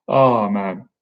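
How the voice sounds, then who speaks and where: A chatty, joking man in his thirties fields questions from his chat in a casual live-stream Q&A. His voice sits on the low side, and he keeps calling his viewers "man". The audio is dull and lo-fi, like a basic streaming setup. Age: 30s. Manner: chatty and jokey, peppers sentences with "man". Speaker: boxing coach and livestream host.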